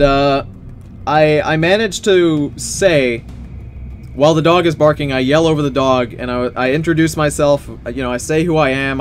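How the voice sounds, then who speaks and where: A young man streaming while he draws, telling a long story in a rambling, profane, animated way. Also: a little high. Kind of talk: casual storytelling while drawing.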